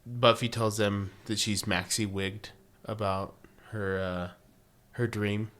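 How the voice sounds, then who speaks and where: A man's voice: flat delivery, slow, fairly bright tone. A man co-hosting a podcast, recapping a TV episode in casual chat, laughing often and cracking jokes. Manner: laughing, wisecracking, jumps into high mock voices for quotes. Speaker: podcast co-host.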